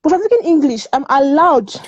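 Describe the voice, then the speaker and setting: A woman's voice: high voice, lively intonation, fast talker, no echo, highs cut off. A woman from Nigeria, speaking as a guest in a casual discussion. She is emphatic, repeats words and laughs often. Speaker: guest panelist.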